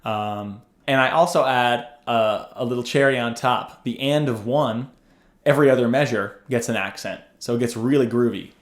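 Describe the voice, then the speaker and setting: A man giving a casual music lesson, talking in a loose, relaxed way with plenty of ums and uhs. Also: mid-range voice, moderate pace. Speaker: bass teacher. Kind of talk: casual instructional talk. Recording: roomy echo with faint music.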